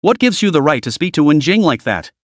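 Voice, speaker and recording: An arrogant rich young bully sneers out threats and insults with lively, swinging delivery, as a male narrator puts him on. The recording is dry and close. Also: a little high, brisk, no echo. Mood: sneering. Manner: sneering, scornful.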